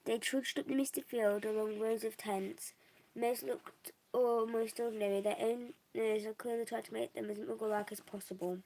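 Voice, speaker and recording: A woman's voice: a little high, steady tone, normal speed, a little mellow, poor audio. A young woman reading a novel aloud, unpolished, with small restarts and slips. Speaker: reader.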